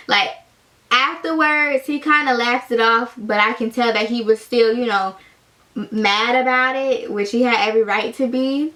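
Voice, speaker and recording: A young woman telling a story in a chatty, animated vlog style, full of fillers. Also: fairly high pitch, normal speed. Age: young adult. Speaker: vlogger.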